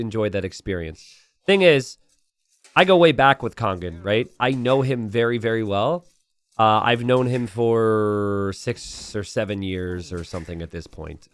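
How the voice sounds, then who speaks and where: A man's voice: lowish voice, clear, resonant tone, dry recording. A young adult man giving casual, chatty commentary over a strategy game replay, telling the story with plenty of "uh" fillers.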